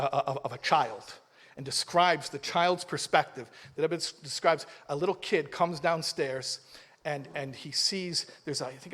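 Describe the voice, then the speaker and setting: Male rabbi, animated storytelling sermon, slightly high voice. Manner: animated, acts out dialogue, mumbles asides. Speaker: rabbi giving a talk. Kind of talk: storytelling sermon to a live audience.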